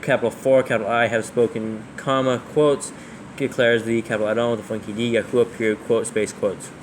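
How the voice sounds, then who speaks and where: A man proofreading scripture aloud, reading slowly and calling out every comma, quote and capital letter. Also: medium pitch, flat delivery, noisy background. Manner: reads slowly, spelling out punctuation and capitals. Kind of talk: dictating text with punctuation.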